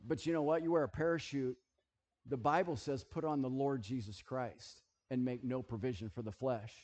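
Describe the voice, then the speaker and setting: Animated joking preacher, man. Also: mid-range voice, normal speed. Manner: animated, jokey, checks in with listeners. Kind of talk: sermon with object lessons.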